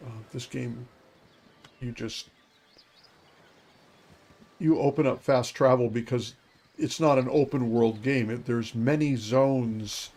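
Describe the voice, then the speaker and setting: A man's voice: medium pitch, steady tone, slow, long pauses, a little mellow, slight background noise. A man in his fifties streaming a game and chatting casually, rambling to himself as he plays. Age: 50s. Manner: rambling, talks to himself, chuckles. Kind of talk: casual gameplay commentary.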